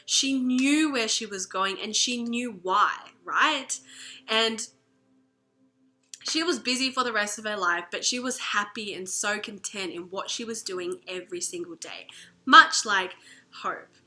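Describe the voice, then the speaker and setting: A woman coach telling a story in an animated, chatty way, full of fillers. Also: medium pitch, unhurried. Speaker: spiritual coach. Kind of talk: storytelling lesson.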